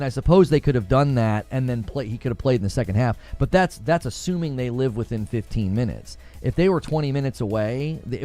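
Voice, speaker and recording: Guy on a gaming podcast telling a story, pitch jumps all over, faint music behind. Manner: animated storyteller, acts out quotes. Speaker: podcast host and youth soccer coach. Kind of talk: casual chat.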